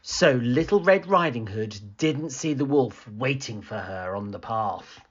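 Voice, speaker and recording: A man reading a children's picture book aloud as a storyteller, with an expressive, slow storytelling manner. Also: mid-range voice, breathy edge, muffled recording.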